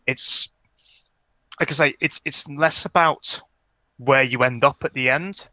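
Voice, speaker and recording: Chewing gum, a man co-hosts a podcast and rambles casually about a game, full of fillers and restarts. He speaks a little slowly in a mid-range voice that sounds pushed and bright, recorded dry.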